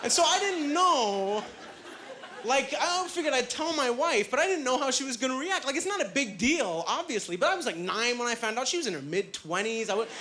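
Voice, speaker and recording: A man's voice: very high voice, big pitch swings, brisk, slight background noise. A man in his thirties from Canada doing a stand-up comedy set, telling chatty, self-deprecating stories full of fillers. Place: comedy club stage with a live audience. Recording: live club recording with loud crowd laughter.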